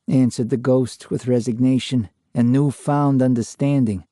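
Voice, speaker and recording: A man narrating a scripted ghost story in a measured, unhurried way. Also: mid-range voice, fairly even intonation, dark tone, no room sound, studio quality.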